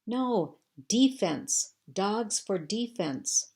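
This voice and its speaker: A woman's voice: lowish voice, lively intonation, moderate pace, gravelly. A woman doing earnest young American rescue man. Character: eager young American rescue worker man, kind to dogs.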